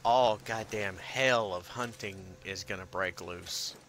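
A man's voice: fairly low pitch, slow, a bit bright. A man giving profane, self-talking gameplay commentary as he hunts and explores in a game. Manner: profane, mutters to himself while playing. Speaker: gaming channel host. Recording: noisy recording.

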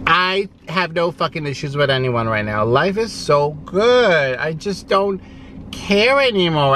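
A man's voice: fairly high pitch, fairly bright tone, a little hiss or hum. A man vlogging from inside his parked car, ranting in a profane, sassy, exasperated way. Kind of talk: ranting vlog.

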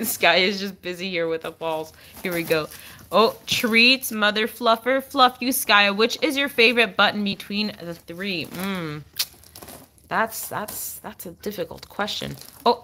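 A young woman hosting a casual livestream, cooing and encouraging her dog and swinging up high when she praises it. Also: sharp tone, a little hiss or hum.

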